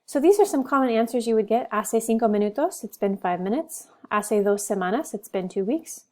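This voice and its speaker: A woman with a mellow, warm voice gives a classroom language lesson. She drills verb forms slowly and carefully, and moves back and forth between English and Spanish. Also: on the high side, lively intonation. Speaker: Spanish teacher.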